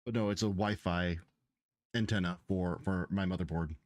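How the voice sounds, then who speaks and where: A man with a low-pitched voice streams his game development at a moderate pace. His casual livestream chat rambles and sounds exasperated and profane.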